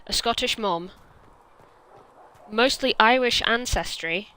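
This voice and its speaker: A woman's voice: fairly high pitch, slow, sharp tone, smooth. A young woman with a Welsh accent, chatting and joking while hosting a let's play. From Wales. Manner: chatty, jokey. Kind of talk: casual gaming commentary.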